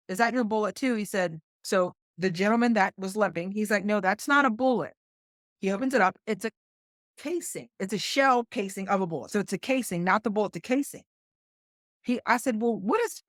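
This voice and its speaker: A middle-aged woman with a West Virginia accent, a combat flight nurse telling a story as a podcast guest, animated and acting out what others said. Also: medium pitch, no room sound, studio quality. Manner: animated, quotes others in lively voices. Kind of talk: conversational storytelling.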